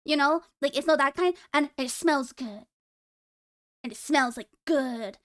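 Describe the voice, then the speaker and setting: A woman's voice: high voice, unhurried, background noise. A young woman streamer chatting casually with her viewers in a playful, teasing way, laughing often.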